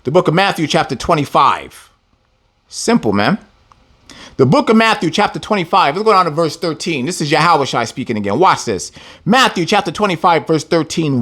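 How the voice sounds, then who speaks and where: A man giving a casual scripture lesson, talking in an animated, slangy and emphatic way. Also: a little high, moderate pace. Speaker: Bible teacher.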